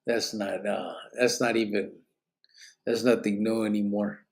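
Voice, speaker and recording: A man with a lowish, creaky voice speaks a little slowly, with little pitch movement. He hosts a live podcast, reading chat comments aloud in a loose, rambling way sprinkled with Spanish slang. He sounds tired and yawns through this casual live-stream chat.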